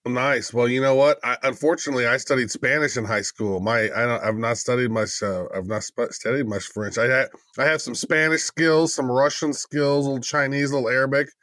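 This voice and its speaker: A man's voice: mid-range voice, fairly even intonation, a little fast, few pauses, a bit bright, no room sound. A man co-hosting a podcast, chatting in an easygoing, talkative way. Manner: easygoing, chatty, laughs often. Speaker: podcast co-host. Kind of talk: casual podcast chat.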